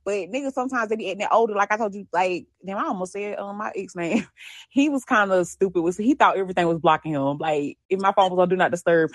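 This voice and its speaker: Expressive woman gossiping, dry sound. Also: mid-range voice, fast talker, no echo. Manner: laughing, profane, expressive gossip. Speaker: podcast co-host. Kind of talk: casual storytelling chat.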